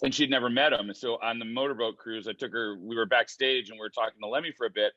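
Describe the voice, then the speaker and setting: A man hosting a podcast, telling anecdotes in quick, animated bursts. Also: mid-range voice, no echo, muffled recording. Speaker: podcast host. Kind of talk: casual chat.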